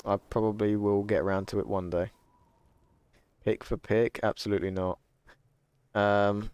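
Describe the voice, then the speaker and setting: A man's voice: fairly low pitch, fairly even intonation, moderate pace, long pauses, darkish tone, smooth, no room sound. A young man chatting casually on a live stream, rambling, self-correcting and swearing now and then. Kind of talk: casual chat reading stream chat.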